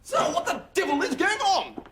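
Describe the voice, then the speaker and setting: An actor playing a cheerful, dim-witted young army lieutenant who gushes with silly exclamations. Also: male voice, very high-pitched, sing-song, moderate pace. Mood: jolly. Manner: jolly, gushing, silly exclamations. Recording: TV clip audio with noise.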